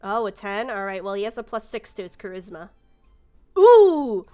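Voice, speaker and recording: A woman's voice: medium pitch, steady tone, quick pace, clear, resonant tone, soft background music. A woman running a tabletop game as game master, narrating casually with lots of fillers. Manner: casual, rambling with many fillers.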